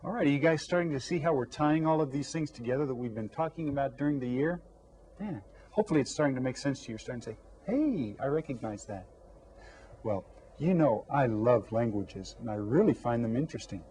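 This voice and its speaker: A man with a mellow, darker voice leads a scripted Spanish lesson for young children. He speaks slowly and clearly, asks questions and leaves room for answers. There is a faint hiss in the background. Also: mid-range voice, poor audio. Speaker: elementary Spanish teacher.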